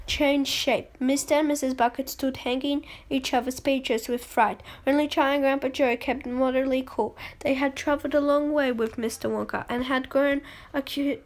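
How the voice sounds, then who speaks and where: A woman reading a children's book aloud, with frequent slips and self-corrections. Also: high-pitched. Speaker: reader.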